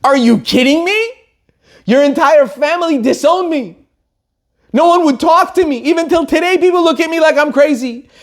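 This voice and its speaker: A man's voice: extremely high pitch, normal speed, pitched above the performer's own voice. A man doing an indignant young bride. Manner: indignant, complaining. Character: upset young bride, wronged.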